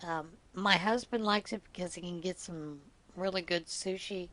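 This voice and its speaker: A woman's voice: lowish voice, normal speed, fairly bright tone. A middle-aged woman hosting a craft vlog, telling good-humored stories in a chatty way and laughing often. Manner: teasing, good-humored anecdotes. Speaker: knitting podcast host. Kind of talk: casual storytelling vlog.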